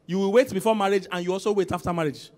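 A man preaching as senior pastor in a church, swinging from loud calls to quiet emphasis and asking the congregation to respond. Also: high-pitched, steady tone, racing. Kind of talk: sermon.

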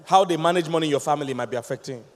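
A man with a Nigerian accent preaching a sermon as pastor, with lively, emphatic delivery and questions thrown out to the congregation. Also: fairly high pitch, rapid-fire, big-room sound.

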